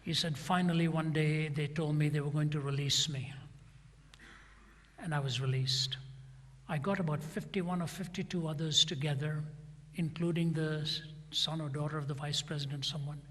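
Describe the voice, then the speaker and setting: A man's voice: on the high side, steady tone, normal speed, a bit bright. A middle-aged man preaching a sermon, retelling a story and acting out both sides of a conversation. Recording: long hall reverb.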